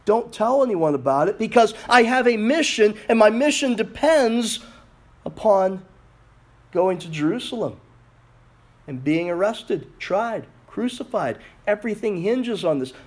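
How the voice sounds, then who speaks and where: A man retelling the words of an earnest teacher explaining his mission in a quiet, plain voice within a sermon. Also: high voice, very animated, measured pace, full character voice.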